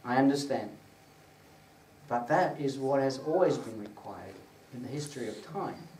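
This man's medium-pitched, darkish voice moves at a normal speed as he gives a teaching sermon to a small group in a prayer gathering room. Conversational, he questions the listeners and lifts his voice for scripture quotes. Echo, a distant mic and a faint hiss mark the recording.

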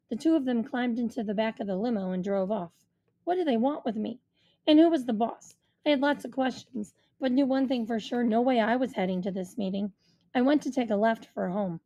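Mellow woman reading a storybook. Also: a little high, brisk, dry recording, highs cut off. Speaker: audiobook reader. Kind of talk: first-person storybook narration.

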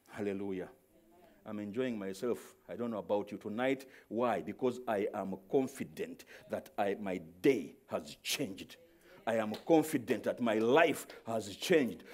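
A man preaching a sermon as pastor, moving from soft, low explaining to loud, stretched-out cries, and often repeating words as he searches for the next one. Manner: swings from quiet explaining to shouted, drawn-out exclamations.

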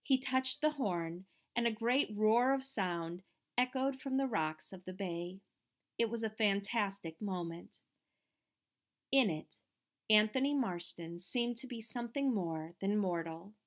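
A woman narrating an audiobook in a measured, expressive reading voice. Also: mid-range voice. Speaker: audiobook reader.

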